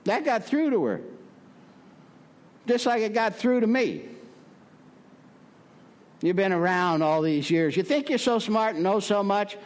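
At a recovery meeting, an older Prescott, Arizona man tells his story folksily, with many fillers and a voice that rises as he preaches. He sounds high and animated, speaking at a measured pace with long pauses.

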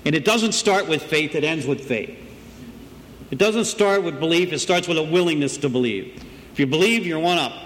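A man's voice: a little high, lively intonation, normal speed, a bit bright. A middle-aged man telling his recovery story to a group in a conversational storytelling way, often asking "right?". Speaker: recovery meeting speaker. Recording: long reverb in a room, faint background noise.

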